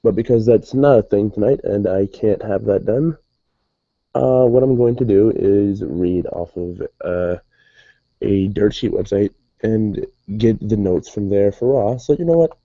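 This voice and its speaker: Casual male reviewer, mellow tone, digressive delivery, dull lo-fi sound. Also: lowish voice, unhurried, dry recording. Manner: rambling, digressive, self-correcting. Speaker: wrestling show reviewer. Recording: dull lo-fi dry recording.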